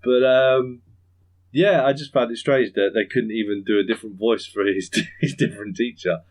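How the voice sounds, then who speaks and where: A man hosting a podcast in casual chat, rambling, chuckling often and slipping into quick impressions. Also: fairly low pitch, poor audio. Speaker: podcast host.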